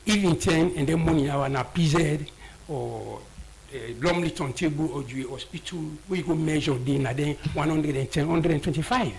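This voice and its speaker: A man's voice: a little high, moderate pace, vocal fry, a little mellow, slight background noise, rough recording. A man with a Sierra Leonean Krio accent, an audiologist explaining ear health as a guest in a radio studio, often repeating key words.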